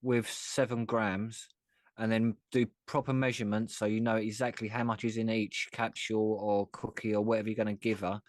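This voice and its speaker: A man's voice: on the low side, flat delivery, normal speed, dry recording, clean studio sound. A man co-hosting a casual podcast, rambling and repeating himself as he explains. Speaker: podcast co-host. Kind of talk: casual chat.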